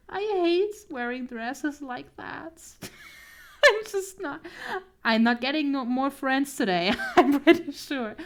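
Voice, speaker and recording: A young woman art streamer with a high, animated voice talks slowly in casual chat while she draws. She laughs often and comes across as flustered and self-deprecating.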